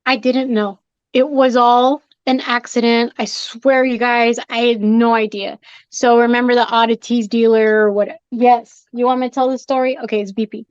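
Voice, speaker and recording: Woman guest, high voice, excitable storyteller, dry muffled podcast audio. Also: normal speed, no room sound. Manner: animated, jumpy, acts out scared reactions. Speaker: guest, shop owner and horror collector.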